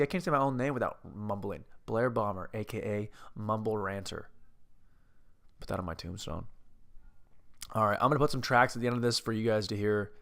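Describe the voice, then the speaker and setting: A man's voice: on the low side, creaky, a bit bright. A man hosting a comedy podcast, ranting about a movie in a rambling, self-mocking way and tripping over his words. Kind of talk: comedic movie-review rant.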